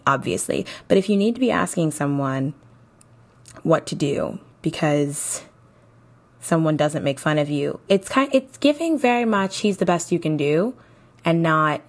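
A young woman hosting a casual advice podcast, chatty and playful like a big sister, a little tired. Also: low-pitched. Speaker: podcast host.

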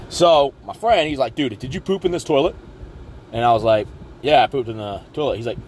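A man's voice: mid-range voice, slight background noise. A young man from Southwest Virginia with a Southern accent, telling a rambling, self-mocking story as a podcast host, full of ums and uhs. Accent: Southern American. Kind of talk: casual storytelling.

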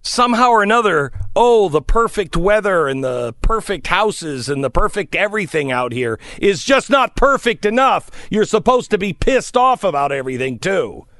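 A man's voice: sits high, moderate pace, few pauses, no echo, clean studio sound. A middle-aged man hosting a talk show, telling a story and acting out the people in it. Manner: animated storyteller, acts out the people in his story. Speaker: radio talk show host. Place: studio away from home.

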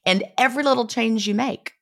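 A woman's voice: a little high, fairly quick, no room sound, studio quality. A woman in her fifties with a Southern US accent, chatting as an interview guest and laughing often at herself. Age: 50s. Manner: laughs often, self-deprecating. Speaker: guest author. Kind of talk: casual interview chat.

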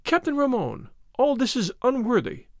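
A man's voice: very high-pitched, very animated, moderate pace, dry recording, clean studio sound, voice pushed up, exaggerated voice. A man doing a fiery, indignant young lady. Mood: reproachful. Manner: indignant, spirited. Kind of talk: audiobook character reading.

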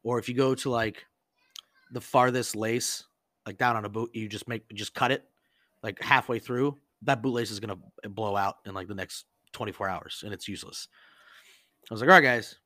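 A man's voice: on the low side, moderate pace, pushed and bright, dry recording, clean studio sound. Profane, rambling man telling a prank story. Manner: rambling, profane, lots of "like" and quoted dialogue. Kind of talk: casual storytelling with crude jokes.

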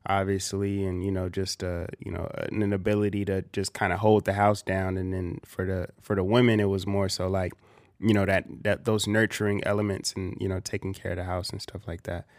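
A man's voice: low-pitched, little pitch movement, brisk, no echo, clean studio sound. A man co-hosting a podcast, talking casually and reflectively with lots of fillers. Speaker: podcast co-host. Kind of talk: casual chat.

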